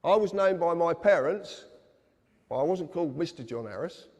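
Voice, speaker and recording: A man's voice: on the high side, animated, normal speed, darkish tone. A man giving an earnest, insistent lecture to a live audience, speaking directly to his listeners. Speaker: public speaker. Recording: long reverb of a hall.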